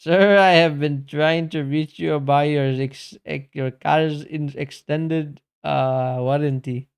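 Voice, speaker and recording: Man doing a pushy Indian-accented phone scammer, smooth, slow. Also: a little high, fairly even intonation. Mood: insistent. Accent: Indian, put on. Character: pushy male scam caller about car warranty.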